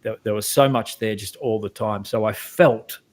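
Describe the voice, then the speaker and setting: A middle-aged man with a mild, neutralized Australian accent speaks in a fairly low voice with fairly even intonation at a normal speed. A guided meditation creator appearing as an interview guest, he talks reflectively and hesitantly in casual conversation, restarting his sentences often.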